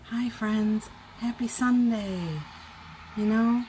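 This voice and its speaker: A woman's voice: fairly high pitch, level tone, slow pace, a little mellow, slight background noise. A middle-aged woman hosting a casual morning live stream from home, cheerfully greeting viewers by name and chatting. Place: home indoors.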